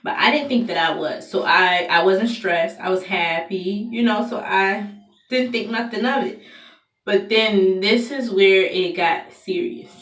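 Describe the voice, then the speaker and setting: A woman's voice: medium pitch, a little slow, a bit bright, recorded from a distance. A young adult woman telling a personal story in a candid, conversational vlog, with plenty of fillers and restarts. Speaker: vlogger. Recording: echoey room, voice from away from the mic.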